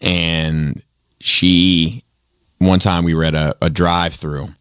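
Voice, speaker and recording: A man co-hosting a podcast, telling profane, animated stories in casual chat with lots of laughter. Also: deep voice, slow pace, clean tone, dry recording, clean studio sound. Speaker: podcast co-host.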